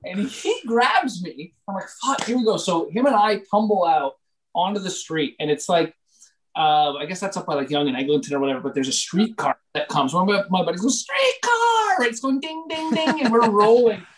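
This young Canadian comedian sounds a little high-pitched for a man and tells his story in a loose podcast chat. He swears a lot, piles on filler words and stays animated the whole way through. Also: fairly quick, a little hiss or hum, rough recording.

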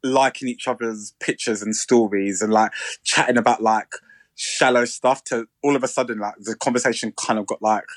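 A man, co-hosting a podcast in a chatty, animated way. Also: mid-range voice, normal speed, dry recording. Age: 30s. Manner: chatty, animated, playful mimicry. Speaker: podcast co-host. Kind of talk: casual chat.

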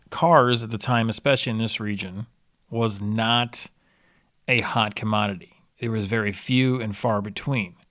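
A man's voice: mid-range voice, fairly bright tone, no room sound, clean studio sound. Wisecracking man in a history chat. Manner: wisecracking, chatty. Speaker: podcast co-host.

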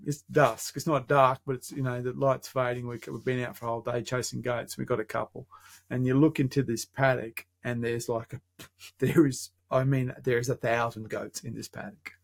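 An Australian man telling a casual anecdote, animated and acting out the lines of the people in it. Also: medium pitch, creaky. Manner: animated, acts out quoted dialogue.

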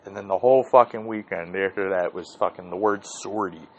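A man's voice: fairly low pitch, fairly even intonation, quick pace, hardly any pauses, poor audio. A man hosting his own podcast, telling a rambling, profane story in a casual solo monologue. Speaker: podcast host.

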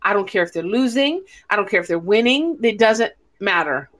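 A woman's voice: mid-range voice, normal speed. A woman hosting a casual chat, telling stories bluntly and swearing a lot. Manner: blunt, profane, animated storytelling. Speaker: podcast host.

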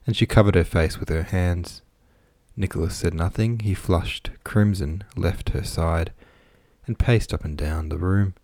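Deep-voiced male audiobook narrator, measured reading, dry recording. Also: a little mellow, dry recording. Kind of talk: scripted narration of a classic novel.

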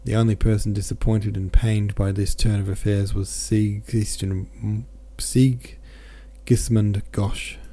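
Gravelly, dark-voiced man reading aloud. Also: on the low side, flat delivery, slow, few pauses. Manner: plain reading with small stumbles, casual sign-off. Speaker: podcast host and audiobook reader.

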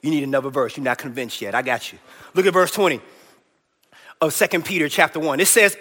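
A man's voice: on the high side, animated, fast talker, pushed and bright. A man preaching a Bible lesson in a church, eagerly coaxing the congregation to call out answers. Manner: enthusiastic, coaxing the room to answer aloud. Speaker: preacher teaching a Bible class. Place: church hall. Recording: echoey church hall.

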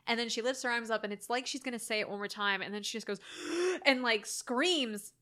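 Bright, lively woman podcast co-host. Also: on the high side, a little fast. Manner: animated, acts out scenes with voices. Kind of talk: casual movie discussion.

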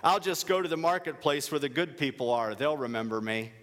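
A man's voice: a little high, steady tone, brisk, fairly bright tone, big-room sound, natural voice. A man voicing a proud, touchy young male donkey who speaks crossly and indignantly.

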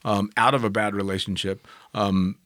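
A man's voice: fairly low pitch, flat delivery, normal speed, fairly bright tone, no room sound, studio quality. A middle-aged man hosting a casual chat about skydiving, talking freely and swearing often. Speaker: podcast host, skydiving instructor.

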